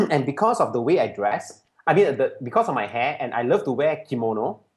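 A man, telling a story in casual chat, animated and laughing, often clearing his throat. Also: medium pitch, brisk. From Malaysia.

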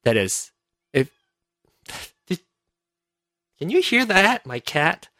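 A man's voice: on the high side, big pitch swings, slow, sharp tone, dry recording, clean studio sound. A man whose first language is Mandarin, hosting a casual solo podcast from home, rambling and self-interrupting as he explains things and laughing easily. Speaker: podcast host.

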